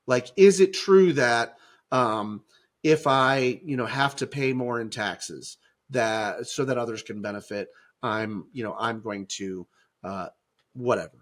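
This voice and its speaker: A middle-aged man talks through faith topics in a loose, animated way, stumbling and restarting as he goes. His voice sits at an ordinary pitch for a man, and he slips into quick little acted-out voices of other people. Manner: animated, acts out quoted voices, many restarts. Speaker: podcast co-host. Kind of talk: casual faith discussion.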